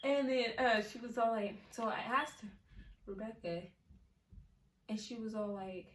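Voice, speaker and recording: A woman's voice: a little high, a little slow, roomy sound, recorded from a distance. A teenage girl telling a storytime in a rambling, chatty way, full of fillers. Her voice bounces around a small room and sits a little back from the mic. A faint hiss hangs under it. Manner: chatty, many fillers, laughs often. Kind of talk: casual storytime.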